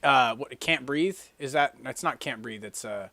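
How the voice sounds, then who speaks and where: A man's voice: medium pitch, unhurried, bright, forceful tone, no room sound, clean studio sound. A young man co-hosting a comedy podcast, riffing in bursts and building absurd crude bits. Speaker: podcast co-host.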